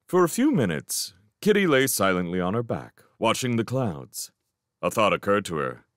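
A man reading a children's fantasy novel aloud, with expressive, dramatic storytelling. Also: on the low side, moderate pace, no room sound, studio quality. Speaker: audiobook reader. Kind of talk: scripted storybook narration.

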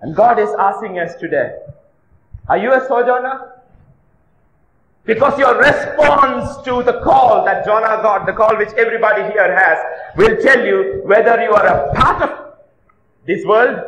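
High, bright-voiced man preaching emphatically. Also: lively intonation, unhurried, pauses often, a little hiss or hum. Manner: emphatic preaching with rhetorical questions and repetition. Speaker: pastor. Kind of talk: sermon. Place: church hall. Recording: echoey church hall recording.

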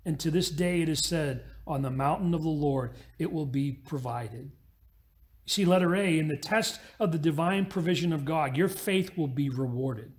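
A man preaching a sermon as pastor, telling a parable with quick, acted-out voices. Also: a little high, darkish tone, slightly rough.

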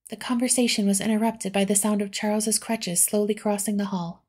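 A woman reading a classic novel aloud in a soft-spoken ASMR style. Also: medium pitch, flat delivery, brisk, few pauses. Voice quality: soft, breathy. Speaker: audiobook reader.

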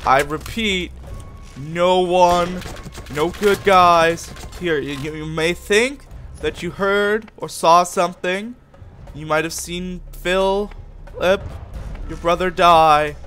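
A man putting on a bluffing bandit in a video game, loud and insistent that nobody is here. His voice sits fairly high, and the talk is slow and drawn out, with game music playing clearly behind. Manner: loud, insisting no one is there. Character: bluffing male bandit posing as someone else.

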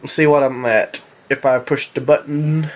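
A man from the Southern US with a Southern accent, giving casual, rambling voice-over commentary on his own gameplay, excitable and jokey with sarcastic asides. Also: medium pitch, moderate pace, muffled recording. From Southern United States. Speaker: gaming commentator.

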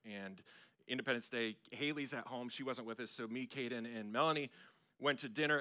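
A man, preaching a sermon as a pastor and telling self-mocking stories in an animated way. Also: mid-range voice. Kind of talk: storytelling sermon. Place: church sanctuary.

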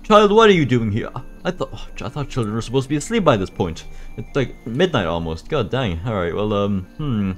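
A man's voice: medium pitch, very animated, a little fast, soft background music, natural voice. A man voicing a goofy, whiny animatronic bear who stammers as he talks in a game machinima. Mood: nervous.

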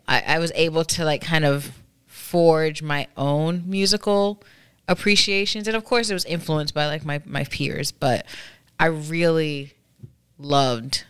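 A woman's voice: low voice, measured pace, smooth, dry recording, clean studio sound. A woman co-hosting a podcast, chatting casually and rambling through her stories. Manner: rambling, animated storytelling. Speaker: podcast co-host. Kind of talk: casual chat.

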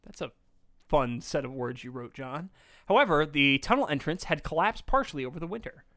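A man's voice: fairly high pitch, expressive, brisk, pushed and bright, no room sound, clean studio sound. A man hosting a casual podcast, rambling and joking with asides that trail off. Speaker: podcast host.

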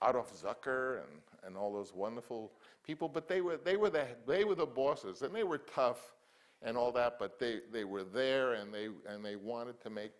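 An older film director looks back on his past while answering interview questions, stumbling through restarts and repeated words. His mid-range voice carries lively intonation.

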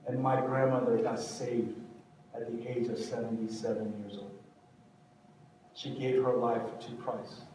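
A man, a pastor, preaching a sermon with an earnest, repetitive cadence. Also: mid-range voice. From Korea. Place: church sanctuary. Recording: echoey hall, distant mic, faint hiss.

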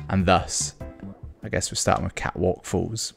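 A man's voice: low voice, a little slow, gravelly, faint music behind. A man giving casual let's play commentary on a video game, with dry, sarcastic asides.

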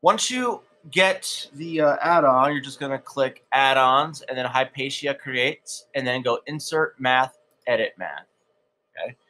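A man's voice: mid-range voice, measured pace, sharp tone. A man hosting a casual how-to tutorial, talking loosely and checking in with "right?" and "okay?", and drifting into a country accent at times. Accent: slips into a country accent at times. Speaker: edtech tutorial host. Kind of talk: casual screen-recorded tutorial.

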